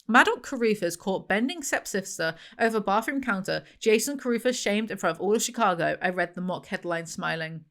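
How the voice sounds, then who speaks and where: Young woman, reads novel excerpts, sarcastic asides, medium pitch. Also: expressive, brisk, few pauses, fairly bright tone. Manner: sarcastic, wry. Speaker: book reviewer. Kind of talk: reading book passages aloud with mocking commentary.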